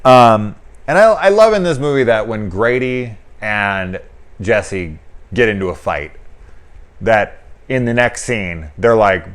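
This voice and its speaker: A man giving a casual spoken movie review, animated and profane, often acting out characters' lines in put-on voices. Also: on the low side, takes it slowly. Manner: animated, swearing, acts out quotes in put-on voices. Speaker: film reviewer.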